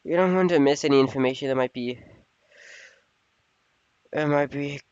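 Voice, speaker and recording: A man reading as a calm lawyer mentor woman. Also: a little high, moderate pace, clean tone, no echo, lo-fi sound, close to an everyday voice.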